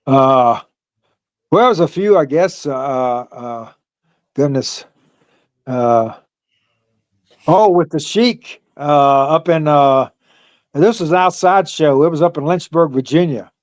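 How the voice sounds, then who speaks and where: An older man speaks in a slightly raised pitch, his voice close and dry with no room around it. He tells old stories loosely and haltingly, stacking fillers and restarts. He laughs as he goes. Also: animated, no room sound. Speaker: former pro wrestler, guest. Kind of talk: casual storytelling interview.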